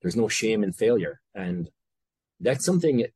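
Husky Irish man, low voice. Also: big pitch swings, moderate pace, warm tone, dry recording. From Ireland. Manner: rambling, self-interrupting, candid with casual swearing. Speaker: guest entrepreneur. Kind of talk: conversational interview.

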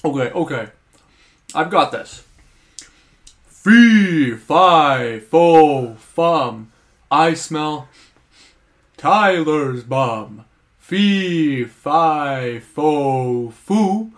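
A man playing a clumsy, friendly male giant in a comedy sketch, speaking in slow, goofy sing-song rhymes. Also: fairly high pitch, sing-song.

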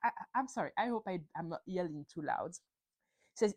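A woman's voice: fairly low pitch, expressive, normal speed, darkish tone, poor audio. Young woman ranting on her podcast, cursing a lot, voice jumps all over the place. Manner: heated, profane ranting. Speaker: podcast host. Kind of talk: solo reality TV recap.

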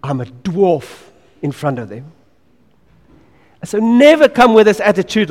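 A man preaching a sermon in an earnest, emphatic way. He repeats key phrases and drops to quiet asides. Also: on the high side, sing-song, a little slow, long pauses, long reverb tail.

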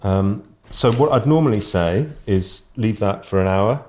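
A man with a fairly low voice walks a host through baking a loaf. He talks in a relaxed, chatty way, pausing with fillers as he explains each step. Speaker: bread-baking guest. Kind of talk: casual instructional chat.

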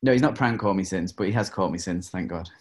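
A man's voice: low-pitched, rapid-fire. A man, a singer, telling stories in a casual interview, full of fillers and laughs. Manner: animated, laughs often, many fillers. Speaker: guest singer.

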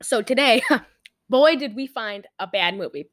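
Giggly high-voiced woman podcast host. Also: animated, a little slow, a bit bright, no room sound, clean studio sound. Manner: giggly, rambling, many fillers. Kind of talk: casual chat.

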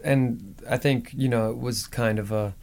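A man's voice: medium pitch, fairly even intonation, moderate pace, darkish tone. A man from Oklahoma, a musician guest, talking casually in an interview, rambling and joking with lots of fillers.

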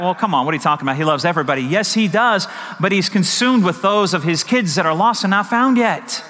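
A man's voice: sits high, sharp tone. A middle-aged man preaching a sermon as pastor, talking conversationally with rhetorical questions and stories. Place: church sanctuary. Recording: long hall reverb.

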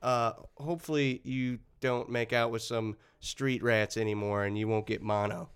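A man co-hosting a casual sports podcast, talking in an animated, heated way with a slightly runny nose. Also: mid-range voice, moderate pace, smooth. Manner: animated, heated ranting with laughs. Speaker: podcast co-host.

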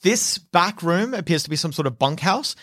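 A game master leads a tabletop horror game, describing each scene in a measured, deliberate way. The voice sits at a middling pitch and is recorded dry and close, with no room around it. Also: expressive, a bit bright, no room sound. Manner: measured, descriptive, slows for suspense.

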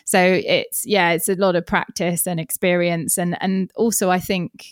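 A woman's voice: lowish voice, steady tone, moderate pace, no room sound, studio quality. A young woman hosting an interview, speaking reflectively and chattily with many fillers. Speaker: interview host. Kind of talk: conversational interview.

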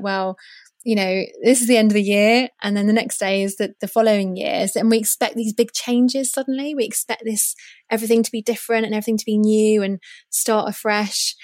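A woman's voice: medium pitch, darkish tone, no room sound. A woman speaking as a mental health expert guest, reflective and explanatory, often saying you know. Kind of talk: casual interview chat.

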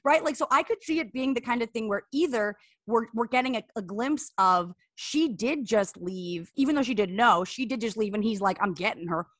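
A woman co-hosting a podcast in casual chat, animated and full of restarts. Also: a little high, no echo, clean studio sound. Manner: animated, talks in rapid bursts with many restarts. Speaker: podcast co-host.

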